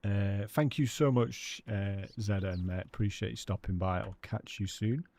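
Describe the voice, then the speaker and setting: Gravelly-voiced British man streaming a game. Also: lowish voice, unhurried, a little mellow, a little hiss or hum. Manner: chatty, thanks and greets viewers by name. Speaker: live streamer. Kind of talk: live gameplay commentary chatting with viewers.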